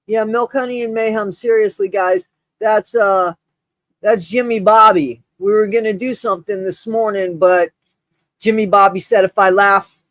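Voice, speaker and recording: A man's voice: high-pitched, fairly even intonation, moderate pace, dry recording. Effusive, breathless male stream host. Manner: effusive, rambling, with many restarts and shout-outs. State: short of breath. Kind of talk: casual live-stream chat.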